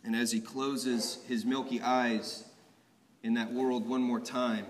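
A man's voice: medium pitch, level tone, takes it slowly, a little hiss or hum. A young man preaching a sermon, telling the story in a vivid, conversational way. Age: young adult. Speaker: preacher at an ordination. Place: church sanctuary. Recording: long church reverb.

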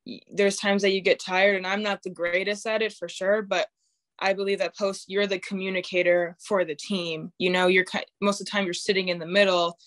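A woman's voice: mid-range voice, level tone, brisk, fairly bright tone, no room sound. Candid teenage girl athlete. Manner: candid, laughs often, acts out quoted inner thoughts. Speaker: high school basketball player. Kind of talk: casual interview.

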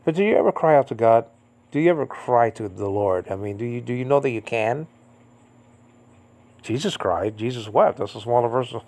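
A Puerto Rican man in his fifties gives an informal Bible teaching, rambling with many "I mean, you know"s and leaping to a high, emphatic pitch on key points. His intonation is lively, his pace a little fast and his tone darkish.

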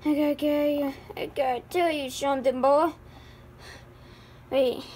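High, slow-talking woman, halting delivery. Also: flat delivery, darkish tone, a little hiss or hum. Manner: halting, stammering, with many fillers and sighs. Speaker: voice actor for a homemade life-sim movie. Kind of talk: improvised amateur voice acting.

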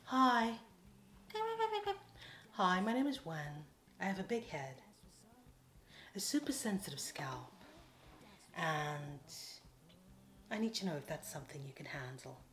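Island lady with a lilt, kinda low voice, chatting away in a roomy echoey space. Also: moderate pace. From Caribbean island. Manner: chatty, animated, playful asides. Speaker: vlogger. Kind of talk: casual storytime. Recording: echoey room.

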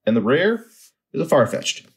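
A man casually telling a long story and then opening trading card packs, rambling and animated, with excited outbursts. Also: fairly high pitch, moderate pace.

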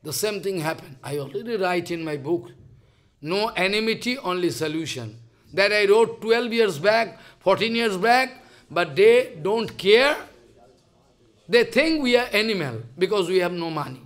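A man's voice: sits high, lively intonation, measured pace, a bit bright. An older man with a Bengali accent gives a devotional lecture in broken English, emphatic and repeating his phrases. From India. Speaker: spiritual teacher.

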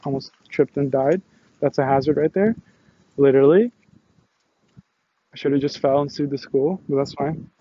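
Out of breath and sweaty, a young man walks a campus livestreaming from a phone on a selfie stick, hyped and laughing as he chats with passersby. His medium-pitched voice is mellow and slightly rough at a moderate pace with long pauses, and the sound is lo-fi.

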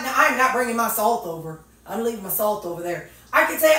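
A woman's voice: a little high, big pitch swings, normal speed, bright, forceful tone. A woman, chatting casually and thinking aloud with lots of fillers as she organizes her home kitchen. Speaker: vlogger. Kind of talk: casual chat while organizing. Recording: very echoey room, mic at a distance.

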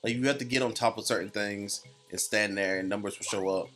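A man's voice: lowish voice, steady tone, brisk, over music. A man commentating a video game with a friend in casual, profane, teasing banter. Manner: profane, teasing, bursts into made-up song. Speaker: let's play commentator.

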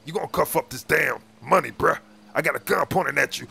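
A man's voice: fairly high pitch, fairly quick, vocal fry, pushed and bright, breathy edge. A man doing casual game role-play, talking in a slangy, menacing, taunting way.

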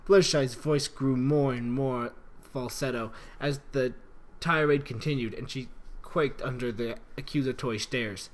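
A man's voice: medium pitch, steady tone, measured pace. A man reading fan fiction aloud in an earnest, dramatic way, stumbling over words and rereading lines. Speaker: reader.

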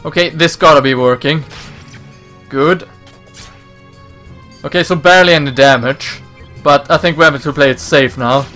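A man's voice: fairly high pitch, moderate pace, long pauses, pushed and bright, soft background music. A man casually commenting on his gameplay in a chatty way, reading dialogue aloud in voices. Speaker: let's play host.

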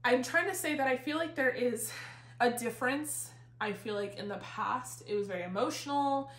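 A woman's voice: a little high, normal speed, a bit bright. A woman talks through a tarot reading in a loose, rambling way, full of fillers and casual swearing. She sounds a little out of breath throughout. The room adds a noticeable echo. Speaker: tarot reader. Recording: roomy echo.

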